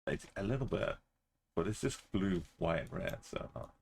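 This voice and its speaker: A man's voice: low voice, lively intonation, moderate pace, creaky, a little mellow, husky. A man streaming a geography game, muttering and thinking aloud in casual commentary, sometimes humming to himself.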